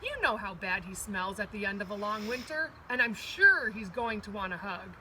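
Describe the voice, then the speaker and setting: A woman's voice: mid-range voice, animated, normal speed, sharp tone, a little hiss or hum, low-quality recording. A woman voicing a small, cranky rabbit who grumbles and complains in a read-aloud storybook. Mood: grumbling. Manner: grumbling, sulky.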